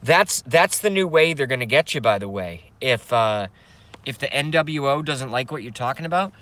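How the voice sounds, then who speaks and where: Bright-voiced man ranting in his car. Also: mid-range voice, lively intonation, moderate pace. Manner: agitated, swearing ranter. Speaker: live streamer. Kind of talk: ranting live stream. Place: parked car.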